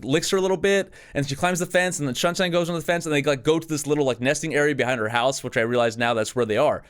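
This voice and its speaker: A young man co-hosting a podcast, telling a long story in casual chat, animated, swearing often and restarting his sentences. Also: a little high. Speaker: podcast co-host.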